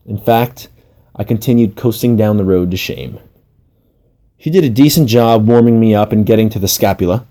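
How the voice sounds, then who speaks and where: A man's voice: fairly low pitch, normal speed, dark tone. A man narrating a comic personal story in a wry, self-mocking way.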